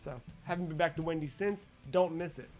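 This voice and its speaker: A man's voice: a little high, fairly quick, darkish tone, faint music behind. A man in his thirties chatting casually as a podcast co-host, telling rambling, profane stories. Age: 30s. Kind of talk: casual chat.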